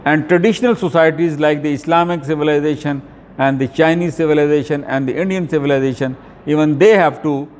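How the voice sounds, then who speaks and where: A man's voice: on the high side, a little mellow. A male lecturer in a reverberant hall. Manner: deliberate, with frequent fillers and restarts. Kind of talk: academic video lecture.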